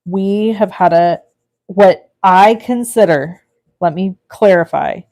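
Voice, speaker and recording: Woman, livestream craft host, chatty, thinking aloud, warm mellow tone. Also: lowish voice, slow pace. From California. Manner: chatty, thinks aloud, reads out viewer comments. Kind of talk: casual live crafting demo.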